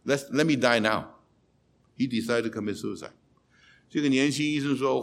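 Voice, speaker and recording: A man preaching a sermon and translating himself, telling a story with big swings between loud and soft. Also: medium pitch, slight background noise. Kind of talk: sermon with self-interpretation.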